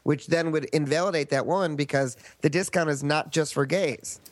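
Wry, higher-voiced man co-hosting. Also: normal speed, no echo. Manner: joking, wry asides while reading news. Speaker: podcast co-host. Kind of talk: casual comedy podcast chat.

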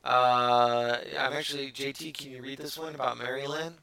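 Bright-voiced man hosting a podcast. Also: mid-range voice, normal speed, vocal fry. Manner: teasing, animated, many restarts. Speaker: podcast host. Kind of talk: casual comedy podcast chat, reading news.

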